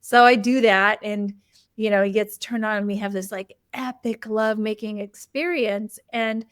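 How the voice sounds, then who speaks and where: A woman's voice: medium pitch, steady tone, moderate pace, clean tone, dry recording, studio quality. A woman hosting a conversation, telling a candid personal story in a loose, open way with frequent "like" and "you know" fillers. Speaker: host.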